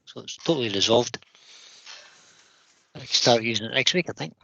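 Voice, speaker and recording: A man's voice: mid-range voice, animated, normal speed, vocal fry, bright, forceful tone, muffled recording. A man co-hosting a woodworking livestream, joking around and reading out viewer comments. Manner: jokey, reads viewer comments. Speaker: co-host. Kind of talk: livestream chat.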